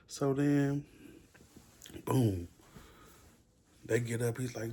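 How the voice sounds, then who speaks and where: A man's voice: fairly low pitch, steady tone, moderate pace, pauses often. A man casually telling a rambling story full of slang and fillers. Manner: laid-back, rambling, heavy with fillers and slang; acts out the other inmates' shouting.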